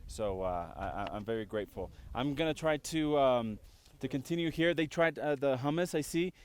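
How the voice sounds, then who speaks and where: A young man talks casually outdoors beside a high lake. His voice sits at a middle pitch, and he speaks haltingly, restarting and correcting himself. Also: animated, slight background noise. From Mexico. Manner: halting, self-correcting, apologetic. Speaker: host cooking for locals. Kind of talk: casual on-location talk.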